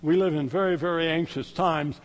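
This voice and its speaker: A middle-aged man preaching a sermon, swinging between loud exclamations and hushed, slow lines. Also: on the high side, big-room sound.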